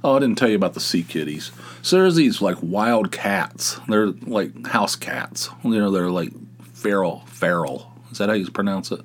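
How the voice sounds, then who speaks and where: A man's voice: on the low side, lively intonation, moderate pace, a little hiss or hum. A middle-aged man hosting a podcast, rambling through a casual comic monologue with lots of restarts and exasperated asides. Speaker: podcast host.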